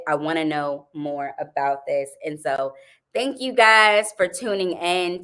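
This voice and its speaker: Low-voiced but fairly bright in tone, a young adult woman hosts a relaxed livestream, chatting animatedly with viewers and frequently laughing.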